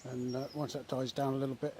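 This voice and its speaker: A man talking casually in a relaxed, chatty way with many fillers, filming a vlog at a woodland camp outdoors. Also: medium pitch, fast talker. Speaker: vlogger. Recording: outdoor recording with faint nature noise.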